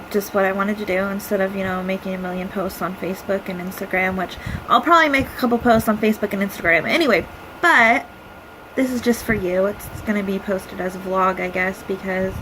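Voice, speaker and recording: A young woman recording a personal video message to her partner, speaking in an emotional, halting way with many pauses as she holds back tears. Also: mid-range voice, noisy background. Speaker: vlogger.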